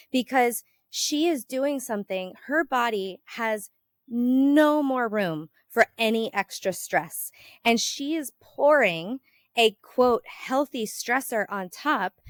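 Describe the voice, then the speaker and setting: A woman hosts a casual health podcast, chatting in a somewhat high voice. She tells stories with animation, acting out quoted lines and leaning on "like" as a filler. The sound is close and dry, with no room echo. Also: slow pace. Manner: animated storyteller, acts out quoted exchanges with sudden lifts in pitch and volume; frequent "like" fillers. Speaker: podcast host and health coach.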